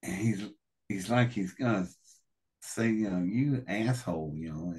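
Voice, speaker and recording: A man's voice: deep voice, unhurried, a little mellow, slightly rough. A man as an interview guest telling a colorful, profane story, acting out the other people's voices.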